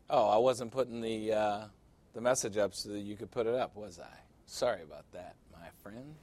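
A man's voice: lowish voice, moderate pace, a little mellow, no room sound. A man speaking as a pastor, giving a short recorded Bible lesson in an earnest voice that addresses the viewer directly.

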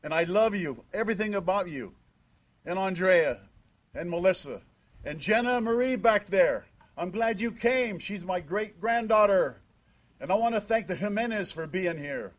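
A man's voice: sits high, expressive, normal speed. An older man speaking as a father at a memorial service, emphatic and fond of rhetorical questions. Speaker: father giving a eulogy. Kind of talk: memorial speech.

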